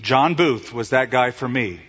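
A man preaching a sermon as a pastor, telling stories in an animated way and acting out the voices he quotes, recorded in a church sanctuary. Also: mid-range voice, a little slow, slightly rough. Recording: reverberant hall, dull lo-fi sound.

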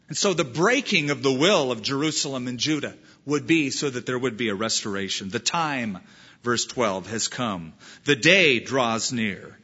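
A man's voice: medium pitch, expressive, unhurried, bright, forceful tone, husky. A man pastor preaching an emphatic verse-by-verse sermon, weaving in a story, on a dull lo-fi sermon recording. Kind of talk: expository sermon.

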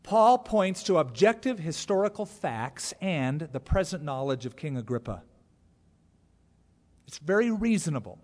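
A man preaching a sermon, animated, acting out quotes in other voices as he goes. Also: fairly high pitch, unhurried. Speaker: pastor. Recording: long hall reverb.

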